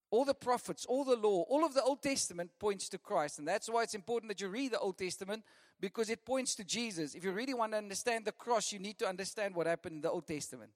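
High-voiced preacher, echoing hall. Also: male voice. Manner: lively preaching, laughing often, repeating lists. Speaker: pastor. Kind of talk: sermon. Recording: long reverb of a church hall.

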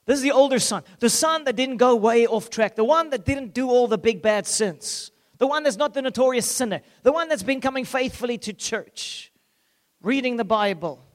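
A male pastor with a strikingly high voice delivers an impassioned sermon. He swings between loud, urgent declarations and soft, hushed lines. He briefly slips into the characters of the scripture he reads. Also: big-room sound. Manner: acts out scripture characters in quick asides.

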